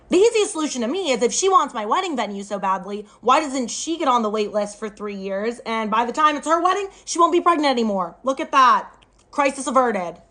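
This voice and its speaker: A woman's voice: on the high side, lively intonation, fairly quick, fairly bright tone. A young woman telling a family story in a casual, sarcastic, exasperated way.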